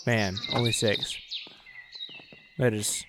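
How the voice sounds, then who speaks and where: Over a noisy background, a gaming channel host with a fairly low voice plays through a let's-play slowly and in a steady tone. He chats casually with viewers and himself, muses out loud and hums now and then as he plays.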